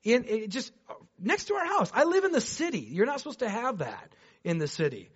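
A man with a high, light voice preaching to his congregation, animated and chatty. He swings from loud, excited bursts down to quiet, hushed stretches. The recording sounds dull and lo-fi. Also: fairly quick, slightly rough. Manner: chatty, addresses the congregation directly with asides. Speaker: pastor. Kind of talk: sermon with personal story.

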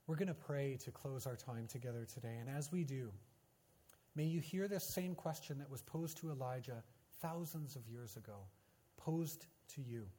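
A man preaching a sermon as pastor, telling a personal story with earnest emphasis and quiet, hushed phrase endings. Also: medium pitch, normal speed.

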